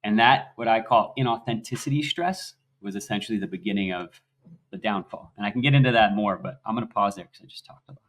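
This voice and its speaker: A young man, a podcast guest, telling his story in an animated, swinging voice that rises loud and high as he gets excited. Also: fast talker. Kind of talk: conversational interview.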